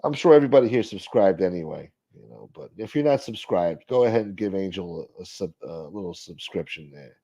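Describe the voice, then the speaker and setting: This livestreamer has a warm, husky voice and talks fairly quickly with few pauses, expressive as he mumbles responses to chat. His casual broadcast comes through in muffled, lo-fi sound.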